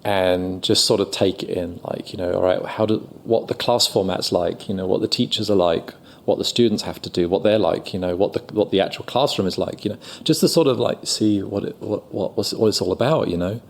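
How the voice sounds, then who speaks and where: A middle-aged man with a London accent talks casually in an interview. His voice sits low and a little gravelly. He rambles warmly through his own story, acting out the bits where he quotes people. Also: fairly quick, hardly any pauses. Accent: London English. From England. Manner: chatty, self-deprecating, lots of fillers and acted-out quotes. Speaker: guest actor.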